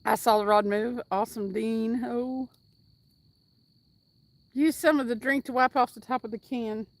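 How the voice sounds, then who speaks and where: Woman, high-pitched, upbeat livestream host, chats and reads comments while fishing outdoors. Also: steady tone, a little slow, no room sound. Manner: upbeat and chatty, whoops now and then. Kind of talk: casual livestream chat, reading viewer comments aloud.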